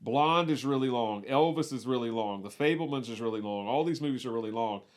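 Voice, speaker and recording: Speaking briskly at a medium pitch, a man co-hosts a podcast with relaxed movie talk, frequently starting sentences over and repeating words.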